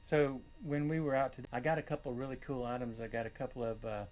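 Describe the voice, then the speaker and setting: An older man hosting his own channel, chatting casually about his finds and rambling with many pauses and fillers. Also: medium pitch, steady tone, a little mellow. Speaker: channel host and reseller. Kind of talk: casual chat.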